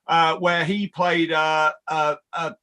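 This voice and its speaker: Panelist: man with a high, bright voice, thoughtful and rambling, video call. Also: flat delivery, slow, smooth. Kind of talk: casual live panel chat.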